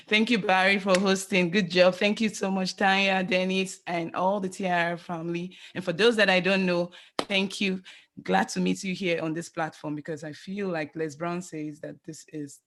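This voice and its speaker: A woman's voice: on the low side, level tone, normal speed. A woman guest speaker offering grateful thanks to the author and hosts.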